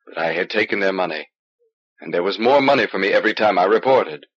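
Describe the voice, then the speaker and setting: A man voicing a nervous male alien informer who speaks low and hesitantly, on an old cassette recording. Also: lively intonation, quick pace, a bit bright, slightly rough, dull audio, heavily acted. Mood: confessing.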